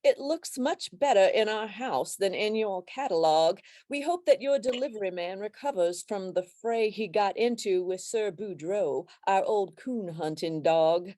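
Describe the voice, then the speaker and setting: A woman reading a humorous poem in a put-on Louisiana accent, voicing a country man writing a complaint letter with a slow, drawn-out delivery. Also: mid-range voice, mellow, dry recording, studio quality, natural voice. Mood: wry.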